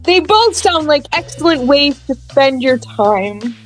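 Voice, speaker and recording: Woman, slightly high voice, chatty, laughs easily, casual chat, faint music behind. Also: animated, slow pace, poor audio. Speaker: podcast co-host.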